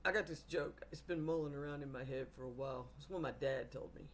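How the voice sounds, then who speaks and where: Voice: mid-range voice, fast. A person telling a long joke in a storytelling manner, acting out characters along the way. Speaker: joke teller.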